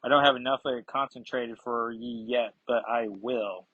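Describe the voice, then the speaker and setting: A man's voice: medium pitch, steady tone, normal speed, pushed and bright, breathy edge, dry recording, highs cut off. A man voicing a ruthless, scheming woman villain, reading her lines in a taunting, threatening way with a stab at a Scottish lilt. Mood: menacing.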